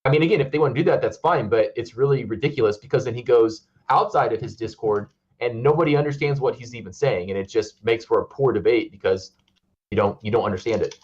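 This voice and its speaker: A man's voice: medium pitch, quick pace, dull audio. A man in a casual online voice chat, telling stories animatedly and acting out what others said to him. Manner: animated storyteller, acts out others' lines.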